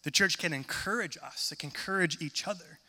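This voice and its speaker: A man preaching a sermon in a church hall, conversational and self-deprecating, turning animated when he tells stories. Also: a little high, a little fast. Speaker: pastor. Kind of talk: sermon with humorous storytelling. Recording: long reverb of a large hall.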